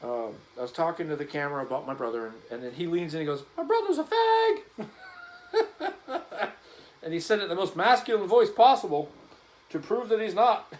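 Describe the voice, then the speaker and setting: A man's voice: fairly high pitch, fast, a little hiss or hum, poor audio. A man vlogging casually as he cleans a gun, rambling and joking in an offhand way.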